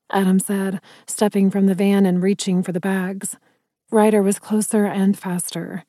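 A woman narrating a first-person fantasy audiobook in a measured, wry storytelling manner. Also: mid-range voice, level tone, warm tone, dry recording, clean studio sound.

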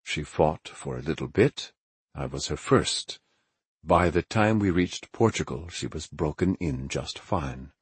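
A man's voice: extremely low pitch, expressive, measured pace, husky, no room sound, heavily acted. A man voicing a sneering, vulgar smuggler. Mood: leering. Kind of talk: audiobook character voice.

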